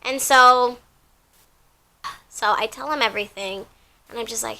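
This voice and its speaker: A woman's voice: fairly high pitch, measured pace, pauses often, pushed and bright. A young woman telling a rambling, casual story from her job, full of fillers and repeats.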